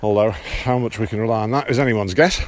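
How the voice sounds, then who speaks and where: Chatty British man, lowish voice. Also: brisk, slight background noise. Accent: British English. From Britain. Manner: chatty, self-deprecating, restarts often. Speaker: podcast host walking the Camino. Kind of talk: casual travel narration.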